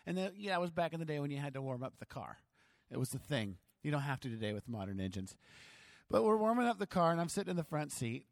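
A man telling a self-mocking childhood story as a sermon to his church, animated and dramatic. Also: on the high side, fast, creaky, dry recording.

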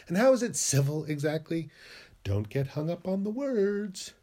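A man's voice: a little high, big pitch swings, takes it slowly, mellow. A man hosting a podcast, performing a comic skit where he argues with himself in two voices with a sing-song delivery. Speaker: podcast host.

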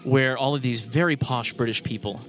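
A man's voice: mid-range voice, fairly even intonation, moderate pace, fairly bright tone, slight background noise. A man chatting as a guest on a podcast, rambling and hesitant, with many "uh"s and "um"s. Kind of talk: casual chat.

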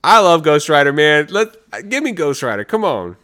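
Man, podcast co-host, casual chat, lively swooping pitch, excitable. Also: moderate pace. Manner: animated, excitable, frequent restarts.

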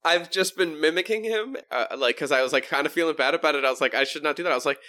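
Bright-voiced man from New Hampshire. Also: on the high side, quick pace. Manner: loose, swearing, laughing often. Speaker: podcast co-host. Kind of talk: casual chat.

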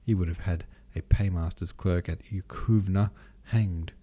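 A man's voice: low voice, steady tone, a little slow, dark tone, slightly rough. A man reading the part of a brooding, bitter young nobleman who argues in a gloomy, cutting way.

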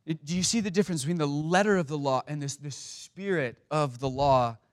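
A man's voice: on the high side, fairly quick. A man giving a sermon as a pastor, speaking conversationally with many stammered restarts and fillers.

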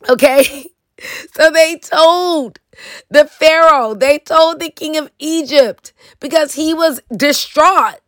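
A woman's voice: high-pitched, fairly bright tone, no room sound. A middle-aged woman preaching on a podcast, reading scripture and urging listeners with "listen to me.". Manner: earnest, repeats "listen to me" and "okay".

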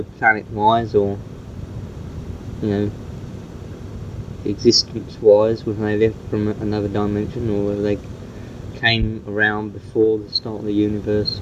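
A man's voice: fairly low pitch, fairly bright tone. A man recording a rambling, chatty cassette tape message, full of fillers. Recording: muffled old cassette tape with hiss.

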